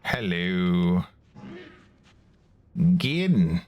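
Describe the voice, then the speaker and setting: Homespun Southern worm critter with a slow drawl and a low voice , a man doing it for a game. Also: clean tone. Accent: American Southern, put on. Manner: polite, drawling, homespun grammar. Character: folksy wriggly worm creature, last of its tribe.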